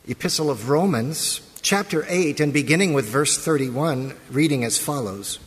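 A man's voice: on the high side, expressive, moderate pace. A man preaching a sermon as pastor, moving from liturgical prayer and scripture reading into a conversational talk. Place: church sanctuary. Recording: long reverb of a large hall.

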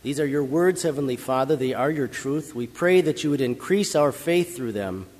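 A man preaching a sermon, telling a story in an earnest, dramatic way that builds to loud emphasis. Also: medium pitch, animated, moderate pace. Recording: long hall reverb.

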